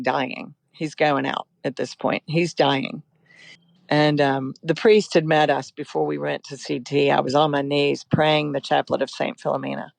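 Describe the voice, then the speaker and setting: A woman guest telling a personal story in an urgent, emotional, quick-flowing way. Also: deep voice, gravelly, no room sound.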